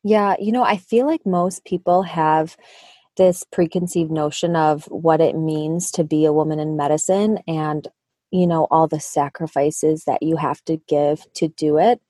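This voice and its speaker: A woman's voice: low voice, fairly even intonation, a little slow, dark tone, dry recording. A woman in her thirties from Michigan with a Midwestern accent, a dermatologist guest on a podcast, talking in an earnest, explanatory way. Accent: Midwestern American. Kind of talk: podcast interview.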